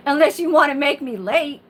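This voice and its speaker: A woman's voice: sits high, slight background noise, poor audio. Candid, profane woman in her forties. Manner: candid, profane, rambling with many fillers. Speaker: kitchen worker. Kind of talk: casual venting monologue.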